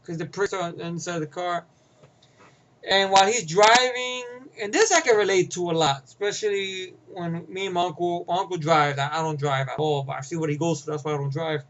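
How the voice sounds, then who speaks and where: Brief: young man, high voice, loose rambling movie review, repeats words, mimics film lines. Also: fairly even intonation, fairly quick, a bit bright, dull audio. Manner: rambling, laughs often, restarts and repeats words; acts out movie lines in character. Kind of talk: casual spoken movie review.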